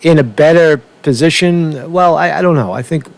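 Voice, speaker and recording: A man's voice: on the high side, normal speed, vocal fry, no echo. A man giving a casual, rambling opinion rant as a political vlogger, swearing often and restarting his sentences. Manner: rambling, profane, with many restarts.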